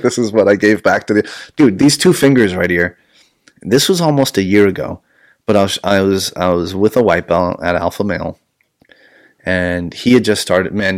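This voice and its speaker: Low-voiced guy rambling on a podcast, swears a bunch, laughs a lot. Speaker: podcast host and jiu-jitsu instructor. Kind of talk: casual podcast chat.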